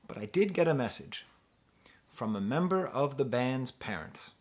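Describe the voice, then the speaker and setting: A middle-aged man from the States hosts a casual music review, thinking aloud as he goes. He rambles and pokes fun at himself, often stopping and restarting a sentence. His voice sits at an ordinary middle pitch. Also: very animated, normal speed, a little mellow. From United States. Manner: rambling, chatty, self-deprecating with frequent restarts. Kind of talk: casual talking-head review.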